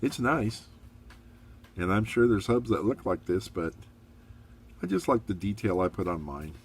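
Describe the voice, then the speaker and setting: Deep-voiced middle-aged man, chatty hobby review. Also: unhurried, breathy edge. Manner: relaxed, chatty, rambling with fillers; upbeat, encouraging. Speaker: model kit reviewer.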